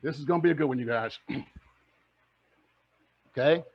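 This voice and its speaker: A middle-aged man teaching to camera as a coach, energetic and rallying, firing questions at his audience. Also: mid-range voice, moderate pace. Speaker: real estate coach. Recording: dull lo-fi recording.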